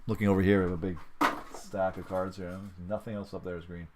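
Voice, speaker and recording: A middle-aged man from Western Canada, casually commenting as host of a live sports card break and reading out each card with quick upbeat reactions. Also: low-pitched, little pitch movement, heavy background noise. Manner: chatty, rambling, reads out cards with quick upbeat reactions.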